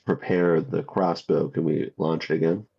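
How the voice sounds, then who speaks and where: A man's voice: rumbling low, flat delivery, normal speed, gravelly, slightly rough, dull audio. A man playing in a casual tabletop game, hesitant and repeating himself as he thinks aloud. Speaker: player.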